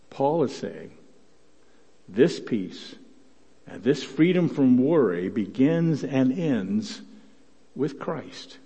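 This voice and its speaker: A man preaching a sermon as pastor, telling a Bible story and voicing its quotes with rising force, often repeating words and clearing his throat. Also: mid-range voice, expressive, slow, mellow. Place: church sanctuary. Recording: dull sound, long church reverb.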